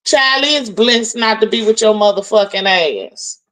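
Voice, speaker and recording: Brief: a higher-voiced woman streamer, loud-mouthed and cussing, calling people out. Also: a little slow, rough recording. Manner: brash, profane, mocking call-outs. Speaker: livestream host. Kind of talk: ranting live stream commentary.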